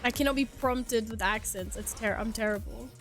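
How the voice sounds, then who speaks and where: A young woman with a slightly high voice chats breezily with her viewers while she plays a game. She teases herself, laughs easily and swears in passing. Soft game music hums quietly underneath. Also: moderate pace. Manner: chatty, playful and self-mocking, laughs and swears casually. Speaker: streamer. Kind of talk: casual live-stream chat while gaming.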